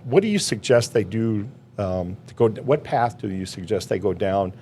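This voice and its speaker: A man's voice: on the low side, animated, normal speed, mellow, a little hiss or hum. A man hosting a talk show with an Upper Midwest accent, telling stories in a playful way. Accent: Upper Midwest American. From Michigan. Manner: storytelling, playful. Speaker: host. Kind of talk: casual interview chat.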